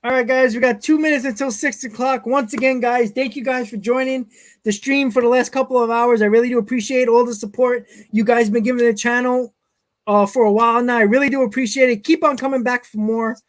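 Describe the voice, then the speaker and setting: A man's voice: very high voice, steady tone, fairly quick. A man hosting a live stream, reading chat comments and telling stories in a casual way, often chuckling. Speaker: host.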